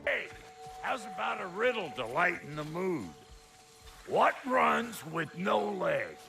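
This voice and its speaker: A man voicing a gruff, foul-mouthed male dwarf blacksmith in a video game, brash and slangy, with a gravelly voice. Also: sits high, sing-song, takes it slowly, heavily acted. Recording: game audio with music behind.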